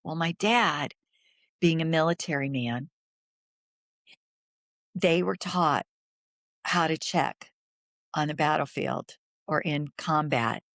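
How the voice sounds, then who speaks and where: A middle-aged woman as an interview guest, telling a personal story in an earnest, halting way that drops to a whisper at its hardest points. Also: low voice, gravelly, a bit bright, no room sound, studio quality.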